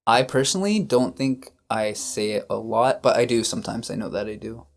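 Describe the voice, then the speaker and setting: A Canadian man with an easygoing manner, co-hosting a casual podcast lesson. He models each word slowly and patiently, the way a friendly teacher would, and his pitch sits right in the middle for a man. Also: steady tone, vocal fry. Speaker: podcast co-host, English teacher.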